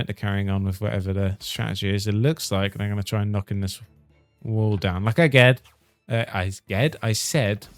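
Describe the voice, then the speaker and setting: A man's voice: fairly low pitch, smooth, dry recording. A man giving casual, cheeky gameplay commentary, chatting along and teasing the characters on screen. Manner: chatty, cheeky, mildly swearing at his settlers. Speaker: gaming commentator.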